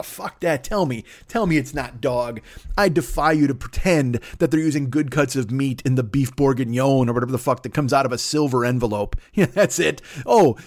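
A man hosting a solo comedy podcast from his desk at home, rambling, swearing constantly and running himself down. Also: medium pitch. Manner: profane, rambling, self-deprecating. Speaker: podcast host.

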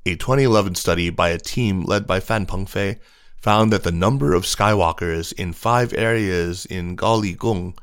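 A man giving a scripted news feature narration in an even, measured reading. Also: low-pitched, dry recording, clean studio sound.

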